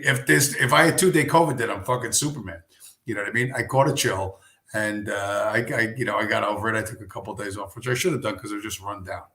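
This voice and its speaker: A man's voice: on the low side, a bit bright, roomy sound. A man hosting a casual livestream, rambling and telling a story with lots of swearing, fillers and restarts. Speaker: livestream host. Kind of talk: casual chat stream.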